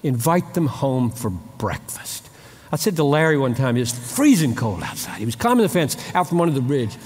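Man, pastor, sermon, lively swinging pitch, emphatic, repeats phrases, reverberant hall. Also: normal speed, husky. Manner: emphatic, repeats phrases and acts out short exchanges.

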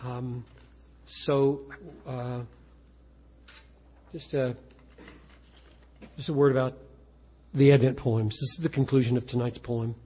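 A man's voice: medium pitch, little pitch movement, slow pace, pauses often, warm tone, slightly rough. A man, a pastor, talking earnestly and self-deprecatingly about writing poetry, often restarting his sentences. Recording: long reverb of a large hall.

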